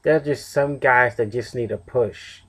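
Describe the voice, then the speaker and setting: A man's voice: mid-range voice, normal speed, a bit bright. Young man, sleepy, rambling, casual solo review, lots of fillers. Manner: rambling, loose, with fillers and self-corrections. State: tired, yawning. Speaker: wrestling show reviewer.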